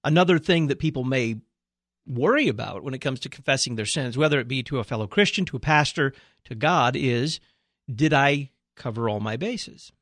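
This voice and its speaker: Male radio host, measured and questioning, dry studio sound. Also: mid-range voice, animated, a bit bright, no room sound. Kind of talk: radio talk show hosting.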